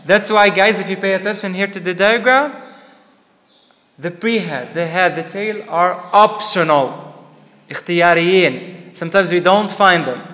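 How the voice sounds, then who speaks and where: A man teaching a class, explaining slowly and quizzing students with questions. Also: high voice, pushed and bright, long reverb tail. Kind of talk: classroom lecture.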